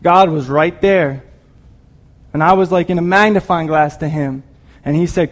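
A man's voice: fairly high pitch, moderate pace. A man giving an earnest, emotional sermon, rambling at times with restarts and apologies. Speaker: lay preacher. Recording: dull lo-fi recording.

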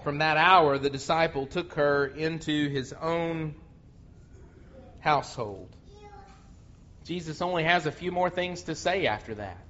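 A man preaching a sermon, slow and earnest, often restarting his words. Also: a little high, a bit bright, a little hiss or hum. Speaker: pastor. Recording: muffled lo-fi sound.

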